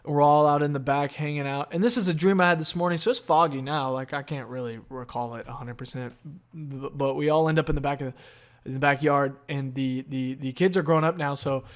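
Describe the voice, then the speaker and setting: A man's voice: fairly high pitch, brisk. Rambling, profane podcast guy. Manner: profane, rambling, heavy on fillers; animated, with loud exclamations. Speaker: podcast host. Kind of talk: casual rambling monologue.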